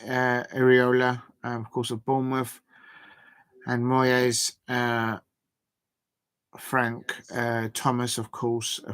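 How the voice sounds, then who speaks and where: A man hosting a live football transfer show, talking casually and hesitantly with lots of fillers. His voice sits at a middle pitch and sounds dry and close, with no room echo. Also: fairly bright tone. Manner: chatty, hesitant, many fillers, reads quotes aloud.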